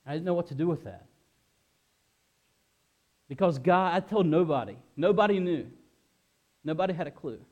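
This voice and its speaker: A middle-aged man gives a sermon, sharing his own story in an earnest, halting way with many restarts and repeated phrases. His voice sits a little higher than most men's. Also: animated, lo-fi sound. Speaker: pastor. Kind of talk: sermon with personal testimony.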